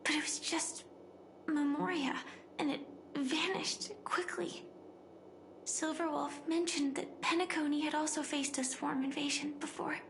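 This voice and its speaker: An actress playing a gentle, composed young woman with a soft, earnest voice, recorded as game voice acting. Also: high-pitched, gravelly, a little hiss or hum, heavily acted.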